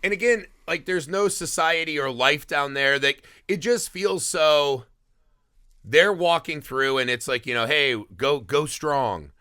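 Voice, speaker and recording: Animated, profane man riffing on a movie. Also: on the high side, a little slow, clear, resonant tone, no echo, studio quality. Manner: animated, profane, rambling with acted-out quotes. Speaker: podcast co-host. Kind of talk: casual movie review chat.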